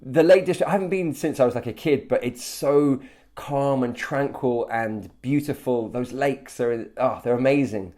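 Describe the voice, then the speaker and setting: A young man hosting a relaxed interview chat. He sounds upbeat and chatty, tossing in quick asides and easy laughter between questions. His voice sits at an ordinary middle pitch for a man. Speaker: host.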